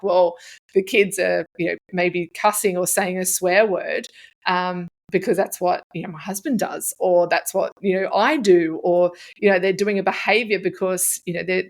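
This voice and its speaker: A middle-aged woman hosts her own podcast, chatting through her points in a relaxed, conversational way. Her voice sits a little low, and she slips into quick example phrases as she talks. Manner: conversational, with frequent fillers and acted-out example phrases. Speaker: podcast host and author. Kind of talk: solo podcast talk.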